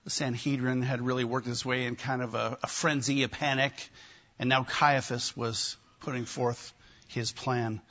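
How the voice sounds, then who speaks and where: A man preaching a sermon, emphatic and animated, with wry asides to his listeners. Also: medium pitch, normal speed, dull audio. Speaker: pastor.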